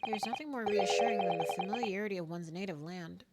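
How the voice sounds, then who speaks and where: A woman's voice: mid-range voice, fast, heavy background noise, lightly acted. A woman voicing a pompous, eccentric male British detective, reading game dialogue aloud in a grandiloquent, theatrical manner.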